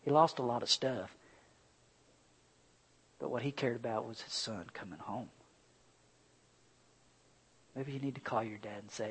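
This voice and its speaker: Delivering a sermon full of personal anecdotes, this middle-aged pastor alternates between energetic loud moments and hushed sincerity. He has a husky mid-range voice and a measured pace with long pauses, captured on a rough recording.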